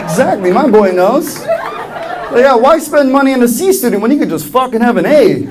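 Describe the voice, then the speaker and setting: A man's voice: extremely high pitch, moderate pace, a crowd in the background. A young man from New York doing a stand-up comedy routine on a club stage, acting out other people's voices as he tells his jokes. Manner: animated, acts out voices of others. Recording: live club with audience laughter. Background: audience laughing.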